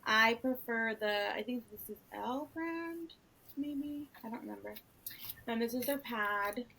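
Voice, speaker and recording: A woman in her thirties co-hosting a podcast, talking frankly and swearing casually in a relaxed chat. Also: on the high side, a little slow, gravelly, rough recording. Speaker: podcast co-host.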